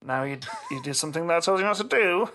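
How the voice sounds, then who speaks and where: A middle-aged man on a podcast, telling a story in casual chat with animated, swearing delivery. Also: a little high, fast. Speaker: podcast co-host.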